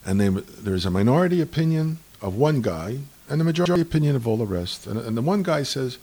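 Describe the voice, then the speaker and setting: Animated husky man telling stories. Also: mid-range voice, fairly quick, hardly any pauses. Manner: lively, argumentative, acts out voices in anecdotes. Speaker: speaker on Jewish tradition. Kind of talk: animated conversational storytelling.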